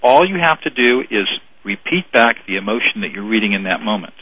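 Brief: male mediator guest, earnest explainer, bright but husky tone, dull lo-fi line. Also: fairly low pitch, expressive, a little fast, no room sound. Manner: earnest, repeats words while explaining. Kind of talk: explanatory radio interview.

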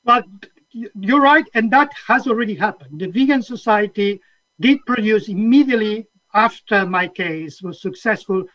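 Earnest man with a high voice. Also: moderate pace, fairly bright tone, no room sound, highs cut off. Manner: earnest, repeats words as he restarts. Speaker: interview guest, vegan campaigner. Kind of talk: conversational interview.

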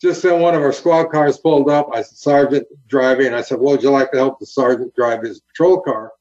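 This man used to be a highway patrol officer, and here he tells an interview story at a brisk clip, earnestly and animatedly voicing the quotes himself. The recording's highs are cut off.

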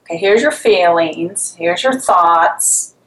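A woman's voice: fairly low pitch, takes it slowly, roomy sound, a crowd in the background, low-quality recording. A woman therapist, a guest on a talk show, explaining things conversationally. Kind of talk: casual chat.

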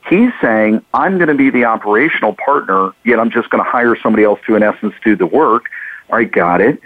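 A man's voice: on the low side, quick pace, no room sound. Man telling stories on thin radio audio. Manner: storytelling, acts out callers' lines. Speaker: co-host. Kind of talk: casual radio talk. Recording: dry, phone-like radio audio.

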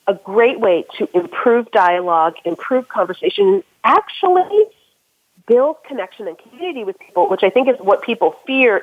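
A woman speaks at a middle pitch in an earnest, advice-giving way, walking through her points step by step. Her voice comes through a narrow, tinny phone line. The sound is dry, with no room around it. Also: no room sound. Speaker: guest career coach. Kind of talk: podcast interview answer.

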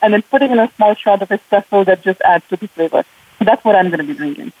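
A woman's voice: mid-range voice, quick pace, no room sound. Female remote guest with a laugh and lots of fillers, phone-quality line. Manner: laughs often, many fillers. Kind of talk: casual interview chat. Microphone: remote call. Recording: tinny phone-like call line.

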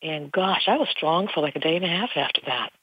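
A woman's voice: deep voice, fairly quick, slightly rough, no echo. An older woman, a spiritual teacher, talking in an earnest, folksy, rambling way. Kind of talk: casual spiritual monologue. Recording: dull lo-fi recording.

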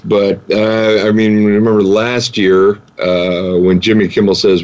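A man co-hosting a talk show who speaks in a hesitant, halting way with many restarts. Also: fairly low pitch, level tone, a little mellow, muffled recording. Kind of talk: casual chat.

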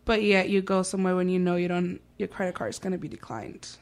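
A woman's voice: fairly low pitch, level tone, fast talker. A young woman in casual chat, telling a story through quoted back-and-forth and saying "like" a lot. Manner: tells stories through quoted dialogue, says "like" often. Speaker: guest.

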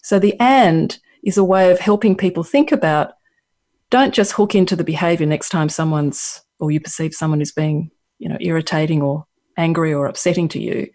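A guest author with an Australian accent, answering interview questions in a reflective way with many pauses and restarts. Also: medium pitch, a little mellow.

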